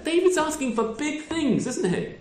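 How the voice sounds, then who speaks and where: Preaching to his flock, the pastor speaks at normal speed in a very high voice with big swings in pitch. Rhetorical tag questions and wry self-mockery run through the sermon, captured with a roomy echo at the church service.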